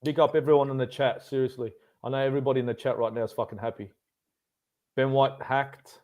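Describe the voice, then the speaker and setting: A man's voice: mid-range voice, fairly even intonation, quick pace, a little mellow, lo-fi sound. A man co-hosting a live football watchalong, teasing his partner in blunt, sweary banter. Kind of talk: casual live match chat.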